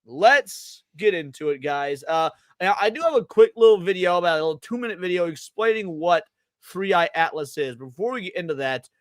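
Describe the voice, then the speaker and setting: Man, podcast host, high voice, dry close mic, energetic casual chat. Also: a little fast, dry recording. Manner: energetic, shouting out chat names.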